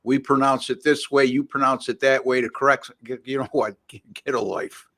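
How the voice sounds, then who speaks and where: Male podcast host, mid-pitched, wry chatty banter between picks. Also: steady tone, moderate pace, a bit bright. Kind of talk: casual sports podcast chat.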